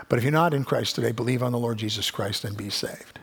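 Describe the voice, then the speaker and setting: Gravelly, husky-voiced male preacher. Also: medium pitch, fast talker, few pauses. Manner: preaching with rising, emphatic swells and acted-out listener voices. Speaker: pastor. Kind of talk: sermon.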